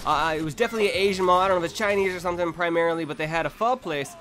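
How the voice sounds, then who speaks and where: A young man in his twenties tells a story straight to his viewers, swearing freely and circling back with restarts and asides. His voice sits a little high for a man. A faint hum of noise runs under the recording. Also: very fast, fairly bright tone. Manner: profane, rambling and laughing, many restarts. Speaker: vlogger. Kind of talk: casual storytelling vlog.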